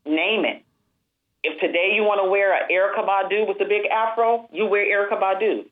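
A woman guest in an interview, telling her story in an animated way and acting out the quoted dialogue in a higher voice. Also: a little fast. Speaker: guest, alopecia support group founder. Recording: phone-line sound.

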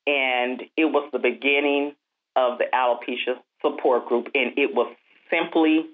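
A woman guest in an interview, telling her story in an animated way and acting out the quoted dialogue in a higher voice. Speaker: guest, alopecia support group founder. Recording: phone-line sound.

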